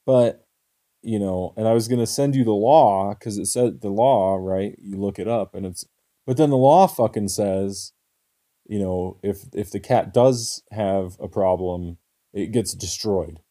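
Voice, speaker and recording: A young man talks with a deep, dark, mellow tone, his delivery loose and laid-back. He tells his story casually and drops curse words freely along the way. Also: a little slow.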